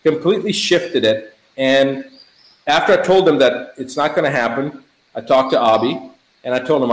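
Middle-aged male doctor guest, emphatic and animated, casual, roomy echo. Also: medium pitch, normal speed. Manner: animated, emphatic, repeats words in lists. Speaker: physician guest. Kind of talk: casual chat.

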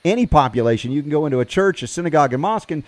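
Man, show host, casual, hesitant, uh-filled, slightly high, dry sound. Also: animated, racing, no echo. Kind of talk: casual chat.

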